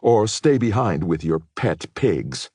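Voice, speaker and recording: A hostile middle-aged woman activist barks short, contemptuous orders, voiced by a man raising his pitch. The delivery is loud and clipped, with a husky grain and a dry, close sound. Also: drawn-out words, no room sound. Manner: contemptuous, curt.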